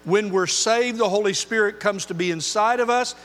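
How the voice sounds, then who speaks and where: An older man preaching a sermon as pastor, earnest, moving between loud emphasis and quiet intensity. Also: sits high, moderate pace, big-room sound.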